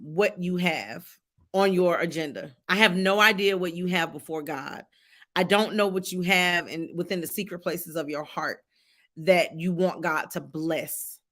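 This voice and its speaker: A woman's voice: medium pitch, bright, forceful tone. A woman hosting a devotional livestream. She greets viewers by name, repeats her phrases and preaches with fervor. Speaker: host of a faith livestream.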